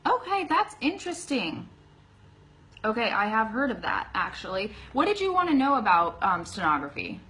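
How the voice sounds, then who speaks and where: A woman with a Californian accent teaching English in a live online lesson. Her voice sounds bright and clear. She talks in a chatty, easygoing way, laughs often, and checks in with her viewers. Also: a little high, huge pitch swings, moderate pace, poor audio.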